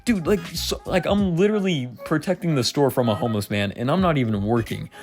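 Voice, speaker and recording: A man's voice: mid-range voice, animated, fast, darkish tone, soft background music. Rambling, profane young man. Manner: rambling, profane, laughing, slightly slurred. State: not sober. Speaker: vlogger. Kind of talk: casual storytelling rant.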